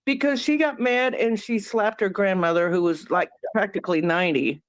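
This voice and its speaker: A woman's voice: medium pitch, normal speed, no room sound. A woman from New Mexico ranting heatedly and swearing as a panel guest on a live stream. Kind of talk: casual live-stream chat.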